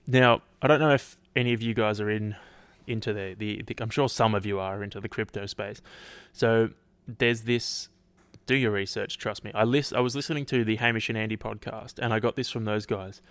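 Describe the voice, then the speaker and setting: A man's voice: on the low side, steady tone, fairly quick, hardly any pauses, a bit bright, clean tone, dry recording. A man hosting a casual solo podcast, rambling, restarting sentences and swearing offhandedly, his throat a little dry. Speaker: podcast host.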